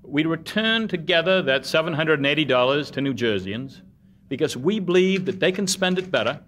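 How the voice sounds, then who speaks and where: A man delivering a formal state budget address in an auditorium, measured and oratorical, with a light humorous touch. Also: fairly high pitch, lively intonation, a bit bright, a little hiss or hum. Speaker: governor. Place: museum auditorium.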